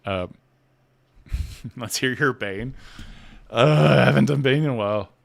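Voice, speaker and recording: A man's voice: mid-range voice, measured pace, creaky, no room sound. A man hosting a casual livestream chat who talks playfully and laughs often. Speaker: host.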